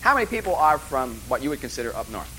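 A man's voice: medium pitch, very animated, fast talker, pushed and bright, slight background noise, low-quality recording. Joking, rambling male lecturer. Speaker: college instructor. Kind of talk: course orientation lecture. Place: classroom or lecture hall.

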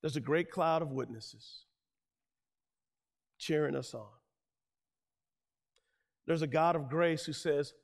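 A middle-aged male pastor preaching a sermon, telling stories and building to shouted climaxes. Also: on the high side, slow pace, gravelly, pauses often. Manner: preaching with rising, shouted peaks.

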